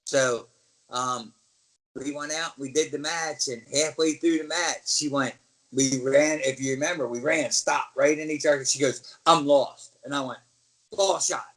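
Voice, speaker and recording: A former wrestler, interviewed as a guest, tells stories casually and animatedly, acting out other people's lines and tossing in the odd swear word. His voice is medium-pitched at a moderate pace, on a rough recording.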